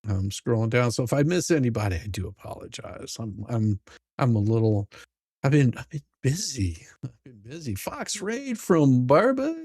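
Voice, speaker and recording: Man, middle-aged, livestream host, greets chat by name, chuckly, gravelly voice, dry sound. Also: medium pitch, big pitch swings, moderate pace, darkish tone, no room sound. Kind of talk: casual live-stream chat.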